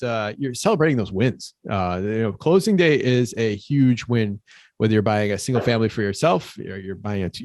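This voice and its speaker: A middle-aged man chats casually as a podcast co-host. He talks at a quick clip and sounds upbeat. He often restarts words mid-thought, and his voice is recorded dry and close. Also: medium pitch, a little mellow, no echo. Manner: quick, upbeat, repeats words while thinking.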